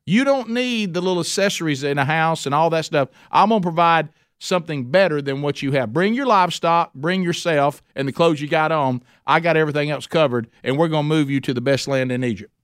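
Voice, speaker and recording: A man's voice: a little high, a bit bright, clean tone, dry recording, clean studio sound, natural voice. A preacher putting on an eager, boastful king. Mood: excited. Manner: eager, boastful, rapid-fire promises. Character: excited generous ancient king, male adult.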